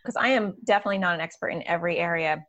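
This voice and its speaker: A woman's voice: lowish voice, racing, fairly bright tone. A woman in her thirties hosting a casual podcast conversation, chatty and upbeat, with plenty of fillers and laughter. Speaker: podcast host and community organizer.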